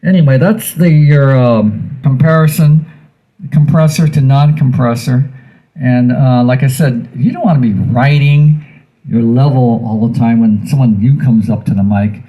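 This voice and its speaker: A man's voice: mid-range voice, a little slow, warm tone, poor audio. A man hosting a casual how-to demonstration about audio gear, talking in a folksy, rambling way that repeats words, into a wired handheld mic. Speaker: audio gear tips host. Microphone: wired handheld mic through a mixer.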